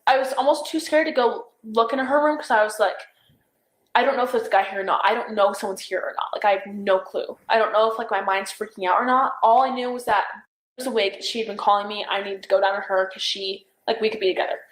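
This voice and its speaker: A woman's voice: medium pitch, fast, roomy sound, rough recording. A young woman in a police interview, recounting events in a hesitant, rambling way full of "like" and "I don't know". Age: young adult.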